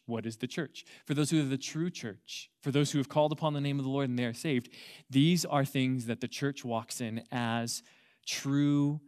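A youth pastor in his thirties preaches a sermon, opening with conversational storytelling before turning emphatic and repeating key words for force. His voice is mid-range with a darkish tone.

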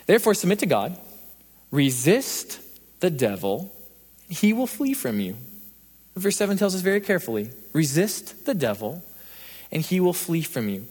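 A young adult man preaching a sermon, mixing scripture with a funny story and building to energetic emphasis. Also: fairly high pitch, moderate pace, long pauses, breathy edge, in a large hall. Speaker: pastor.

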